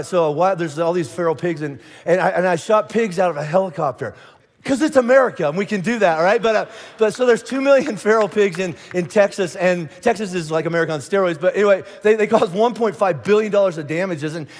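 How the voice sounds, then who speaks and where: High-voiced joking pastor in a reverberant hall. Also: male voice. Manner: joking, playful banter with the crowd. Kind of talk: sermon. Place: church auditorium stage.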